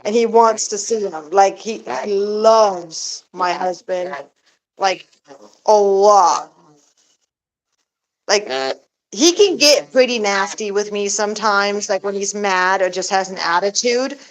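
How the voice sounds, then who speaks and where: Woman vlogger, casual rambling talk with fillers, average pitch, outdoors. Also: takes it slowly, low-quality recording. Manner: rambling, filler-heavy, coos at her pet in a high baby voice. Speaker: pet goose owner vlogger. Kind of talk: casual chat to camera. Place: backyard outdoors.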